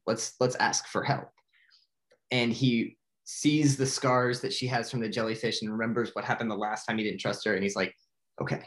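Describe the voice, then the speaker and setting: A young man casually retelling a movie plot in a rambling way, full of "like" and excited acted-out quotes. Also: mid-range voice. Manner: rambling, filler-heavy with frequent "like". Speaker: movie recapper. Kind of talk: casual spoken movie recap.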